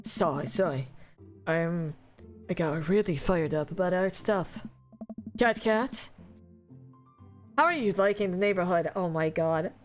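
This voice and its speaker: A woman streamer playing a game live, reading its dialogue aloud and commenting with animated laughter, loud outbursts and swearing. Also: fairly low pitch, a little slow, pauses often, faint music behind.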